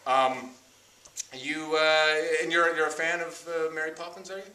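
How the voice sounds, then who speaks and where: A man's voice: a little high, moderate pace, bright, forceful tone, a little hiss or hum. A male improv comedian talking to a live audience, rambling and self-mocking with frequent laughs. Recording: roomy, distant mic.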